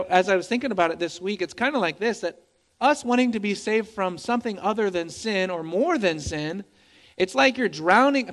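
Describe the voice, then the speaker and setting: A pastor preaching a sermon in a lively, conversational way, adding humorous asides and often repeating words as he goes. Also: high-pitched. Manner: emphatic, repeats words as he speaks.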